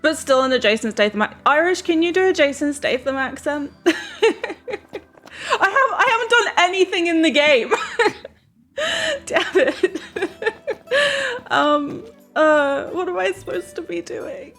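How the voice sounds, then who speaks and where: Giggly, high-voiced woman streamer. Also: big pitch swings, measured pace, a bit bright, soft background music. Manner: giggly, emotional, often laughing through tears. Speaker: game streamer. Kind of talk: live-stream chat.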